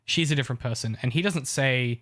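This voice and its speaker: A man's voice: mid-range voice, a little fast, a bit bright. A man co-hosting a podcast, breaking down TV dialogue in an eager, analytical chat. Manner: enthusiastic, lots of restarts. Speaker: podcast co-host.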